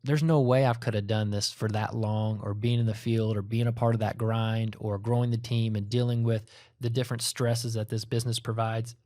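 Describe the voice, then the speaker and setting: A man's voice: medium pitch, a little mellow, dry recording, studio quality. A middle-aged man co-hosting a casual podcast chat, talking in long, rambling runs that often restart mid-sentence. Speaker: podcast co-host.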